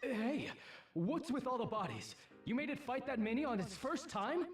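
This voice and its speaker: A woman's voice: fairly high pitch, very animated, normal speed, faint music behind. Lady doing a worried researcher, swoopy voice, a bit far from the mic. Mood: concerned.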